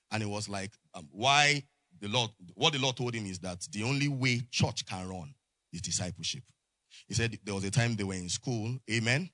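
A man's voice: lowish voice, fairly bright tone, dry recording. A man preaching a sermon to his congregation, prompting them with call-and-response and frequent amens. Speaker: pastor. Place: church.

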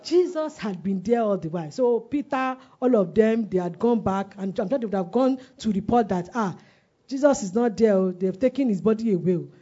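Woman preaching with a husky voice. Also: medium pitch, lively intonation, brisk, warm tone, dull audio. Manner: call-and-response, repeats phrases for emphasis. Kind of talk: sermon.

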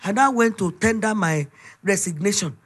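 A middle-aged woman with a Nigerian accent, giving an emphatic, animated preaching testimony. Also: mid-range voice, moderate pace, husky. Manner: storytelling, emphatic, animated retelling.

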